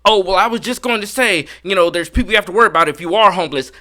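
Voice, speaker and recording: A man's voice: high voice, very fast, pushed and bright, voice pushed up. A man voicing an older male groundskeeper who talks in a hesitant, apologetic, over-polite way.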